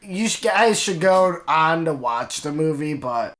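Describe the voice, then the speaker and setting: A man's voice: fairly high pitch, animated, unhurried, fairly bright tone. A young man casually discussing a movie with a friend over drinks, letting his voice trail off at the ends of phrases. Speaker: podcast co-host.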